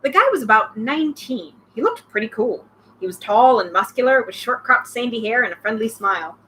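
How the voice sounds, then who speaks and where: A young woman reading a novel aloud, breaking off with excited comments about the myths. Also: a little high, a little fast, rough recording. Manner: excited outbursts between read passages. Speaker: reader, channel host.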